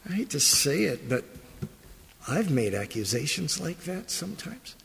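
A man's voice: on the high side, expressive, moderate pace, vocal fry, fairly bright tone, husky. A man preaching a sermon as pastor, reading scripture, praying and then asking his congregation rhetorical questions. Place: church sanctuary. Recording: long church reverb.

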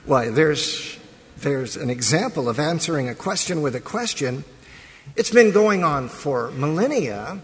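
A man's voice: fairly high pitch, animated, measured pace. A man preaching a sermon as pastor, moving from liturgical prayer and scripture reading into a conversational talk. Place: church sanctuary. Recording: long reverb of a large hall.

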